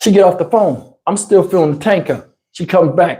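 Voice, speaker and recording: A man telling a story on a live stream, animated and profane with laughing asides. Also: high voice, moderate pace. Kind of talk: casual storytelling. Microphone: wireless lapel mic.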